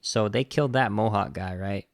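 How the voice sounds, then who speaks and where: A man hosting a podcast, casually retelling a film plot in an animated, indignant way. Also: on the low side, normal speed, creaky, dry recording, clean studio sound. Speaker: podcast host reviewing a film. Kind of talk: casual film review chat.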